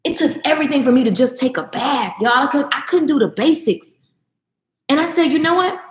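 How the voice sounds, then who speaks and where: A woman vlogger talks straight to her viewers with fiery, emphatic conviction, hammering points home by repeating them. Her voice sits a little high. The room around her is noticeably echoey. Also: lively intonation, a little fast. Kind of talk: motivational talk to camera.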